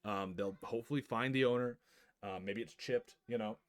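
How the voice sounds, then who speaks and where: A young man streaming a game, chatting casually and reading narration, an animated storyteller who laughs often and swears freely. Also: medium pitch, normal speed. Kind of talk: casual live-stream chat and game read-through.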